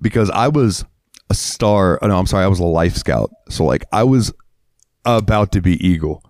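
A man's voice: deep voice, lively intonation, normal speed, darkish tone, no room sound, clean studio sound. A man co-hosting a podcast, telling a heated, profane story in casual chat and acting out what people said. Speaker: podcast co-host.

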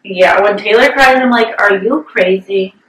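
A woman's voice: mid-range voice, unhurried, fairly bright tone, a little hiss or hum. A woman chatting casually, supportive and agreeing, sharing a story about her child. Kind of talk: casual chat. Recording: roomy, distant from mic.

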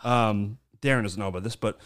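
A man's voice: fairly low pitch, a little fast, fairly bright tone. A man hosting a podcast, teasing his co-host with crude jokes and bursts of laughter. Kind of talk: casual chat.

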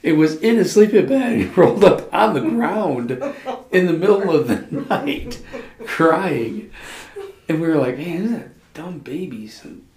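A man's voice: on the high side, lively intonation, a little slow, darkish tone. A man in his fifties chatting casually with his wife, telling a long camping story with fillers and laughs. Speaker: podcast co-host, husband. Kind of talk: casual conversation. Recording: echoey room.

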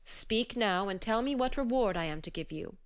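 A woman's voice: medium pitch, expressive, normal speed, lightly acted. A woman voicing a blustering male giant farmer in a storybook reading, her voice raised and urgent. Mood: commanding.

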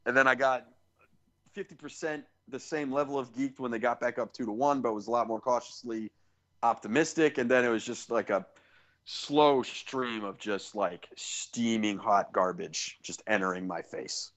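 A man's voice: medium pitch, moderate pace, a bit bright. A man co-hosting a podcast, chatting casually about sports and ranting with sarcastic asides. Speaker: podcast co-host.

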